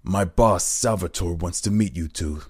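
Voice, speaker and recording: Low-voiced man flubbing comedy lines. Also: normal speed, breathy edge. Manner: joking, laughing between botched lines. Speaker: podcast host. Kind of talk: bloopers from a comedy spoof recording.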